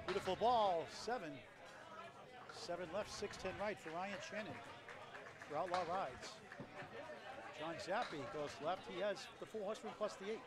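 A man giving live play-by-play on a bowling match, rattling off scores and plugging the channel. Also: sits high. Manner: rapid score calls, lively promo plugs. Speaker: play-by-play commentator. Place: bowling alley. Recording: loud crowd in a bowling hall.

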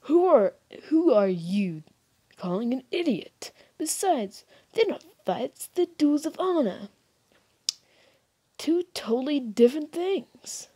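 A woman voicing a cocky teenage schoolboy who loves fistfights, talking gruff and taunting while reading a game aloud. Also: high-pitched, sing-song, takes it slowly, dark tone, voice pushed up, exaggerated voice. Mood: indignant. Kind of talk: reading a game's dialogue aloud.

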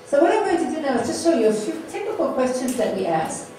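A woman's voice: high-pitched, very animated, warm tone, a little hiss or hum. Woman lecturing in an echoey hall. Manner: measured, rhetorical questions to the audience. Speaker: keynote speaker. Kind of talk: academic lecture. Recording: echoey hall, distant mic.

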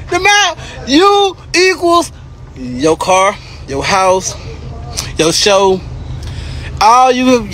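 Brash squeaky-voiced man ranting. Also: a bit bright. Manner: brash, repetitive, profane, taunting. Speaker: rapper ranting on a livestream. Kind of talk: boastful livestream rant.

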